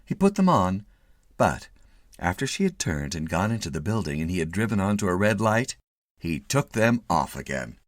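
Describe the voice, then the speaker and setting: A man narrating a classic short story with an expressive, animated reading. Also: sits low, normal speed, no room sound, studio quality. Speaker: story reader.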